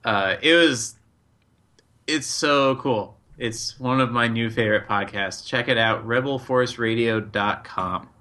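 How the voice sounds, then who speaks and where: A man's voice: medium pitch, unhurried, sharp tone. A man co-hosting a podcast, enthusiastic and casual as he recommends a show. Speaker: podcast co-host.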